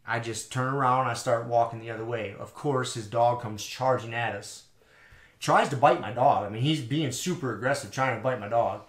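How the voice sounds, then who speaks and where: A man hosting a podcast, telling a story in a casual, animated way, swearing and acting out both sides of an argument. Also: medium pitch, moderate pace, roomy sound. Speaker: podcast host.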